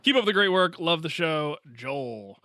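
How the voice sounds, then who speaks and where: A man's voice: on the high side, expressive, unhurried, bright, forceful tone, no room sound, clean studio sound. A man co-hosting a science podcast, reading a listener email aloud in a chatty, joking way. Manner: chatty, jokey, playful asides. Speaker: podcast co-host.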